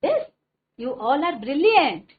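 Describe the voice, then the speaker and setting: With a high voice that leaps up and down in pitch, a headmistress with an Indian English accent runs an encouraging online English lesson. She says things over and over, races through tongue twisters, and comes across through thin, phone-like audio.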